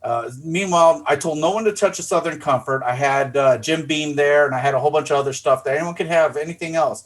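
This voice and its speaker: A middle-aged man with a fairly high voice tells a rowdy story on a podcast. He talks in a loose, profane way and acts out his own lines with lively quotes. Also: quick pace. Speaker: podcast co-host. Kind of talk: casual storytelling.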